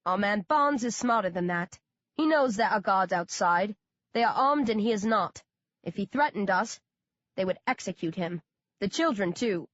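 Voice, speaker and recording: A woman's voice: mid-range voice, expressive, normal speed, no echo, dull audio, close to an everyday voice. A woman voicing a cold, bored and cruel rich man who sneers in a languid way, in an audiobook.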